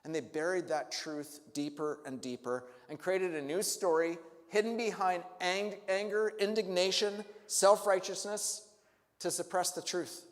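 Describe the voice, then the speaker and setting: A man's voice: high-pitched, steady tone, unhurried, long reverb tail. A male pastor preaching a sermon, asking the congregation reflective questions and rising to emphatic peaks. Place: church sanctuary.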